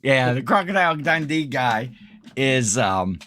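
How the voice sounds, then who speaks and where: Middle-aged male podcast co-host, casual and rambling, quick to laugh, even mid-pitch voice. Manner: rambling, laughs often, self-correcting. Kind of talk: casual chat.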